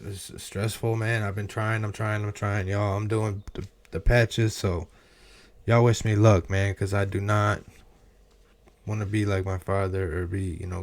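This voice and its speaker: A man hosting a reaction video, talking casually in a halting, emotional way and filling his talk with "man". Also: lowish voice.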